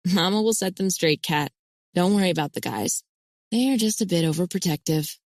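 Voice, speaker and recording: A woman voicing a cheerful, chatty young woman in an audiobook, talking in a lively way. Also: on the low side, fairly quick, no room sound, studio quality, natural voice. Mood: reassuring. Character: cheerful young woman, teasing about her brothers.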